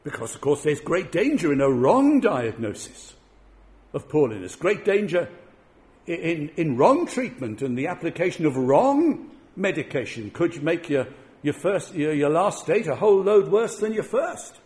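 A man's voice: fairly high pitch, very animated, moderate pace, darkish tone. A man preaching a sermon, earnest and given to repeating words as he builds his point.

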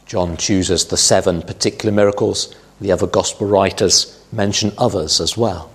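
A middle-aged man preaching a sermon, teaching through scripture in a measured way and quoting verses with emphasis. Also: deep voice, fairly even intonation, breathy edge.

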